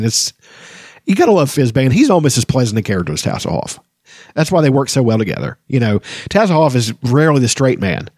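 A man's voice: medium pitch, a little mellow, slightly rough, no echo, clean studio sound. A man hosting a casual book podcast, reading passages aloud and rambling between them with frequent ums and you-knows. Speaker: book discussion podcast host.

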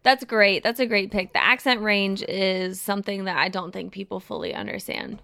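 Smooth-voiced woman hosting casual chat. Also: medium pitch, moderate pace, sharp tone, no room sound. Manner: joking, laughs often. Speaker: podcast host.

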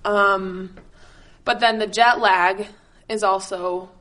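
A woman's voice: mid-range voice, steady tone, takes it slowly, fairly bright tone. A woman in her twenties chatting as a guest, laughing often and restarting her sentences. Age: 20s. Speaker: guest, pro skier. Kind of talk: casual chat.

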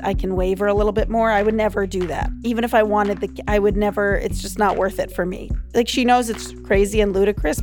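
A young woman, a guest comedian, telling stories in a chatty, animated way with many fillers. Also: mid-range voice. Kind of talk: casual interview storytelling.

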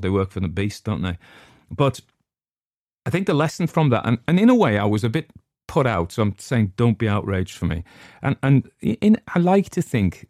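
An older man with a deep, slightly mellow voice hosts a podcast, chatting casually in a rambling, hesitant way full of ums. The recording is clean studio sound with no room echo.

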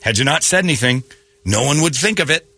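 A man's voice: medium pitch, lively intonation, sharp tone, slightly rough. Ranting sarcastic man on morning radio. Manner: ranting, sarcastic, quick mock quotes. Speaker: radio show host. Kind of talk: opinionated morning radio banter.

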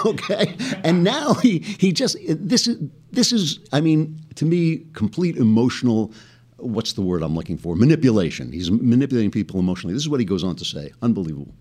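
A man's voice: medium pitch, big pitch swings, a little fast, a little mellow, a little hiss or hum. A man hosting a political commentary podcast, talking in a sarcastic way with laughing asides. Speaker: podcast host.

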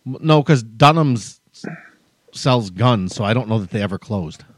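A man's voice: on the low side, lively intonation, moderate pace, no echo, studio quality. A man co-hosting a podcast, telling a long story as a heated, profane rant. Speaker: podcast co-host. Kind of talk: casual chat, storytelling rant.

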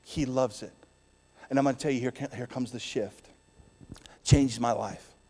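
A man preaching a sermon as pastor to his church, swinging between loud declarations and hushed, soft passages. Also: medium pitch, steady tone, a little slow, breathy edge, in a large hall.

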